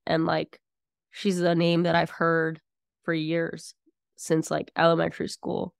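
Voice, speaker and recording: An outspoken young woman chats as a podcast guest, piling on fillers as she tells her stories. Her voice sits low with a gravelly fry, and the recording is close and dry. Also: unhurried, dry recording. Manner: outspoken, animated storytelling with many fillers. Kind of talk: casual conversation.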